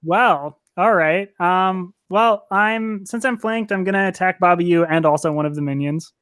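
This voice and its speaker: A man playing a tabletop game, reacting quickly and joking. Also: sits high, a bit bright, clear, resonant tone. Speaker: player. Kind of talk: casual tabletop play.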